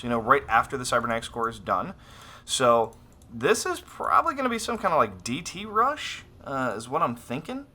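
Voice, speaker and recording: A man casting a strategy game replay on his own, excitable and thinking aloud, often repeating his phrases. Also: mid-range voice. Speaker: game caster. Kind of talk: solo esports commentary over a replay.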